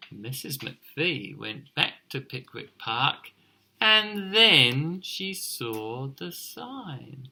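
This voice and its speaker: A male teacher reading a picture book aloud to children, expressive and encouraging as he points things out. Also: mid-range voice, extremely slow, creaky.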